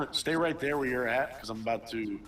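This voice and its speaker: Bright-voiced teasing man on voice chat. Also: mid-range voice, normal speed, far from the mic. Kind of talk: casual gaming chat.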